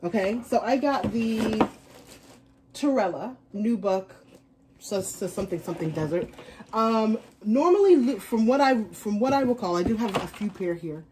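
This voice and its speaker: A woman's voice: medium pitch, lively intonation, moderate pace, noisy background. A woman chatting casually in an unboxing vlog, rambling on as a fashion vlogger.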